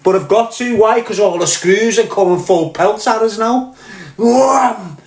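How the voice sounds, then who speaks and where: A high-voiced, unhurried middle-aged man with a Liverpool accent runs a live stream, telling crude, boastful and profane stories in a casual way. He replies to viewers by name, and the recording has a roomy echo.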